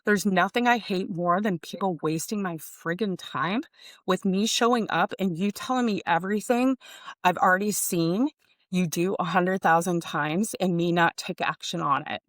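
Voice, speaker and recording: Middle-aged female host, lowish pitch, dry close sound, effusive and rambling. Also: normal speed, no echo. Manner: emotional, effusive, addresses listeners as "you guys"; rambling with many "like" fillers and restarts. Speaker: podcast host. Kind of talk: casual personal monologue.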